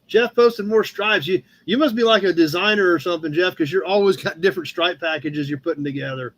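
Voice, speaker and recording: A Midwestern American man hosts a casual live-stream chat, his voice pitched high. He rambles easily through viewers' posts, sprinkling in fillers and thanking people by name. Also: brisk, fairly bright tone. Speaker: host of a live car-hobby chat show. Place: home room with a cat nearby.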